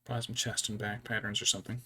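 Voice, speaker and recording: A man's voice: lowish voice, level tone, rapid-fire, very noisy. A man casually thinking aloud as he paints a miniature, rambling and musing to himself. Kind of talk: casual hobby vlog chat.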